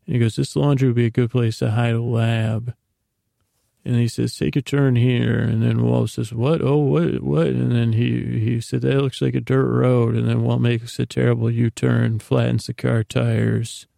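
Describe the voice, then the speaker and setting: A man's voice: medium pitch, level tone, normal speed, vocal fry, dark tone, dry recording, clean studio sound. A man hosting a sleep podcast, casually rambling through a show recap with many fillers and restarts.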